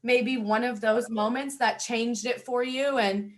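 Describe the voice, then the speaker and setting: A woman's voice: fairly high pitch, fairly even intonation, unhurried. Encouraging woman host. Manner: encouraging, affirming. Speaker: podcast host. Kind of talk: casual interview.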